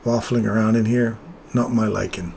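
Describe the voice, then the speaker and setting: A man's voice: on the low side, steady tone, normal speed, creaky, a little mellow, slight background noise. A man explaining chart setups in casual live trading commentary, chatting with viewers as he goes. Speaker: trading streamer.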